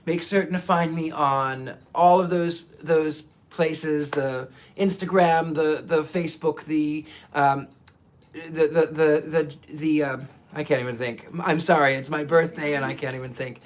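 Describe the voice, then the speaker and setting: A man's voice: on the high side, fairly even intonation, unhurried. A man hosting a psychic livestream, chatting casually and reading viewer comments in a theatrical, affectionate way, often stammering and restarting.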